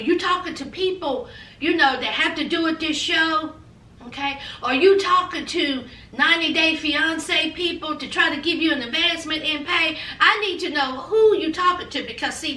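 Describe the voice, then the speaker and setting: A woman with a very high, piercing voice dishes on a reality show in a sassy, chatty recap. She slips into different voices to act out what people said. She sounds set back from the mic in an echoey room. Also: expressive, moderate pace, sharp tone, distant mic. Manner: sassy, chatty, acts out quotes in changing voices. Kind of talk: casual gossip recap.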